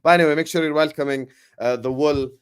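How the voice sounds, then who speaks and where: A man hosting a football livestream, talking in a hype, energetic way with lots of ums and uhs. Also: on the high side, quick pace, smooth. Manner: energetic, hype-style announcing with frequent fillers. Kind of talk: casual livestream chat.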